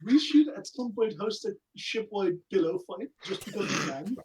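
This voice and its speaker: A man's voice: high-pitched, expressive, moderate pace, a little mellow. A jokey man playing a tabletop game, heard from a distance away from the mic. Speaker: player.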